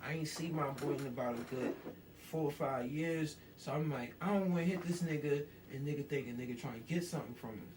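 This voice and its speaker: Pitched on the high side and talking briskly, a New York rapper tells a long story as an interview guest, captured on a distant mic with background noise. He's animated, leans hard on street slang, and plays every character he quotes.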